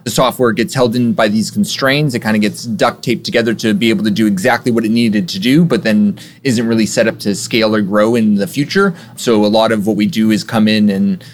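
Low-voiced man explaining his agency. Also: a little fast, few pauses. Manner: relaxed, filler-heavy explaining. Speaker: guest, software agency owner. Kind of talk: casual interview answers.

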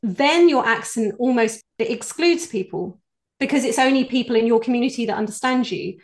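British woman, voice coach guest, earnest explainer, a touch high-pitched. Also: fairly quick. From United Kingdom. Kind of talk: interview answers.

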